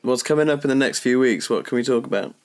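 A man's voice: medium pitch, fast. A man co-hosting a podcast, bantering in a jokey, self-mocking way and swearing casually. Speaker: podcast co-host.

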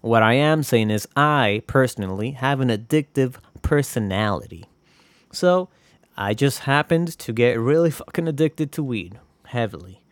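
A man's voice: medium pitch, expressive, moderate pace, no echo. A man hosting his own podcast, talking in a rambling, casual way with lots of swearing and jokey asides. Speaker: podcast host. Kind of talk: casual solo podcast monologue.

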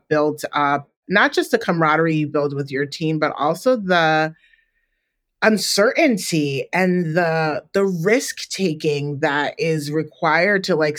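A woman's voice: sits low, fairly bright tone. Woman telling a reflective personal story. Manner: reflective storytelling, heavy use of "like" and "you know". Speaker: podcast co-host. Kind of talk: casual chat.

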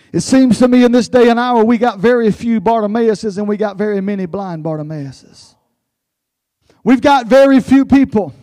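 A man preaching a sermon, building to impassioned shouted pleas with a repetitive cadence. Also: high-pitched, no room sound.

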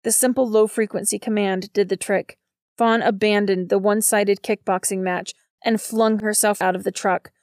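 A woman reads a novel aloud at a steady, measured pace. Her voice has a gravelly, creaky grain. The recording is close and dry, with no room sound. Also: medium pitch, dry recording. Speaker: narrator. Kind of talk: audiobook narration.

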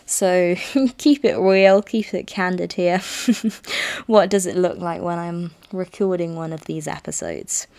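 A woman in her twenties hosts a solo podcast, talking candidly with free-flowing, self-deprecating rambling and frequent laughs. Her voice is lowish and a little mellow, and she speaks unhurriedly.

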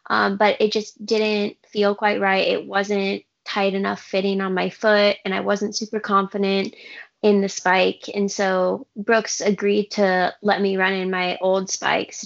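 Young female runner, gravelly vocal fry, measured chat. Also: mid-range voice. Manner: plain, measured, some uh fillers. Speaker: professional runner. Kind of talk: casual chat. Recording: dull lo-fi audio.

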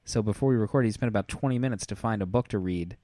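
Wry, teasing podcast man with a low voice. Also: quick pace, mellow, no room sound, clean studio sound. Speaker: podcast co-host. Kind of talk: casual chat.

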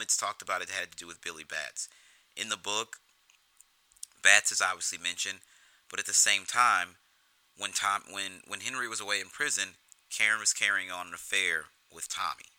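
A man's voice: low voice, sharp tone, clear, resonant tone, no echo, poor audio. A man giving casual film commentary in a profane, rambling way, often restarting his sentences.

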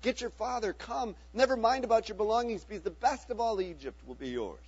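A man's voice: high-pitched, animated, brisk, breathy edge, dull audio, voice pushed up. A man reading the part of a generous king giving commands, in a scripture reading. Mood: commanding.

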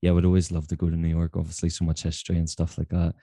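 Northern irish guy hosting a podcast, low mellow voice, chatty, laughs a lot. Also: completely flat delivery, rapid-fire, dry recording, clean studio sound. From Northern Ireland. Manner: chatty, laughs easily, many fillers. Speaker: podcast host. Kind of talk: casual interview chat.

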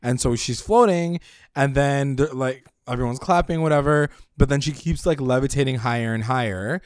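A man casually recapping a show episode and swearing freely, jumping into loud voices when he quotes the characters. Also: mid-range voice, normal speed, clear, resonant tone, no echo, clean studio sound. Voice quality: animated, swears freely, acts out lines when retelling. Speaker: podcast co-host recapping a show. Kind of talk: casual chat.

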